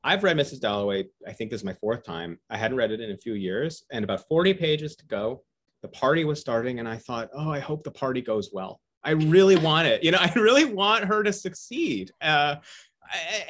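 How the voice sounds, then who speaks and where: A man interviewing an author on a video call, enthusiastic and halting, with frequent restarts. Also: medium pitch, lively intonation, fairly bright tone. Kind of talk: casual conversation.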